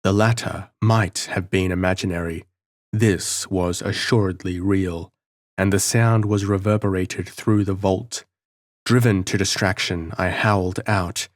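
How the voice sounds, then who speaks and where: A man reading a gothic novel as an audiobook narrator in a measured, dramatic manner. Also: sits low, steady tone, no room sound, clean studio sound.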